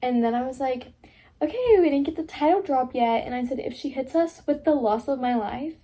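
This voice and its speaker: A woman's voice: high voice, fairly quick, mellow. A young woman vlogger in casual chat who keeps quoting herself and fills her talk with "like". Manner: chatty, quotes herself often, many "like" fillers.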